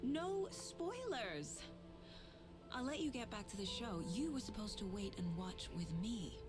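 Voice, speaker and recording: An actress playing a composed female detective and mother who speaks in a calm, measured way. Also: a little high. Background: game music.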